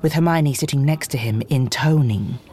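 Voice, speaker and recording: A narrator reading a fantasy novel aloud in a steady, expressive storytelling manner. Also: mid-range voice, normal speed. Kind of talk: audiobook reading.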